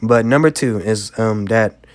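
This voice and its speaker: A man's voice: on the low side, unhurried. A young man who is sick and coughing, hosting a podcast and giving casual life advice in a rambling way, full of "you know" fillers. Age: young adult. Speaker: podcast host.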